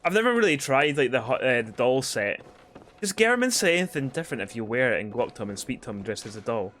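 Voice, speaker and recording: Rambling gaming streamer. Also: male voice, mid-range voice, big pitch swings, fast talker, a bit bright. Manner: rambling, swears, lots of fillers. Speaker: game streamer. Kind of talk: casual live-stream commentary.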